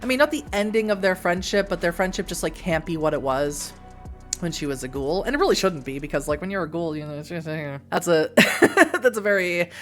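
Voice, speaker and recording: A woman's voice: lowish voice, lively intonation, a little fast, soft background music. A woman vlogger rambling through a show recap in a giggly, self-deprecating way.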